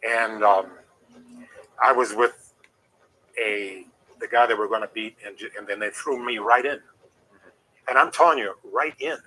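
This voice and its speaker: Middle-aged male ex-wrestler, interview guest; animated storyteller, bright, forceful tone. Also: on the low side, moderate pace, pauses often, rough recording. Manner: rambling, animated anecdotes with restarts. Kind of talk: casual storytelling.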